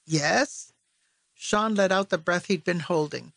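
A woman narrating literary fiction as an audiobook, in a measured, even storytelling voice on a close mic. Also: on the low side, gravelly, dry recording.

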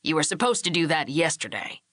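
A woman voicing a gruff ranch father barking orders. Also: fairly high pitch, very animated, brisk, bright, forceful tone, no echo, clean studio sound. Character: gruff commanding ranch patriarch, middle-aged man.

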